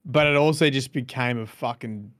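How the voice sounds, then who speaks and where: A man co-hosting a podcast in easygoing casual chat. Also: mid-range voice. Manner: lively, quick, easygoing. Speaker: podcast co-host.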